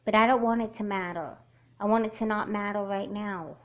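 A woman's voice: mid-range voice, fairly even intonation, fairly quick, lo-fi sound, natural voice. A woman voicing a young elementary school girl who feels left out, in a homemade doll movie. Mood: pleading. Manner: whiny, upset pleading.

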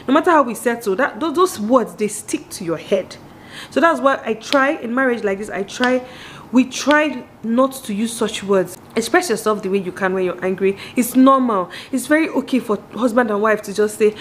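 A brisk Nigerian woman in her thirties talks straight to her viewers about marriage, quick and lively, now and then slipping into the voices of the people she quotes. Her voice sits a little high for a woman. A faint hum of noise stays under the recording. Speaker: vlogger. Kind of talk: candid monologue on marriage.

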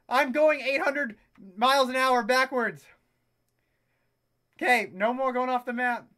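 A young adult commenting on a video game in a comedic let's-play style, with loud, excitable exclamations, frequent swearing and sarcastic asides. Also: mid-range voice, normal speed. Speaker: gameplay commentator.

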